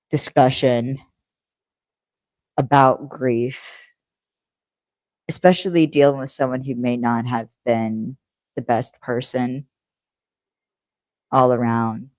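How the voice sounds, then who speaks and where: A woman's voice: extremely low pitch, fairly even intonation, slow pace, long pauses, darkish tone, no room sound. A woman co-hosting a podcast in casual chat, rambling with lots of fillers and laughing easily. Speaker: podcast co-host.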